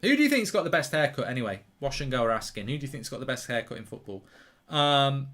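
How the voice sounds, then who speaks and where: Bright-voiced man on a live watchalong. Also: medium pitch, fast talker. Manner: excitable, reacts loudly to chances, reads out viewer questions. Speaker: host of a live football watchalong. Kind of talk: live match commentary and chat with viewers.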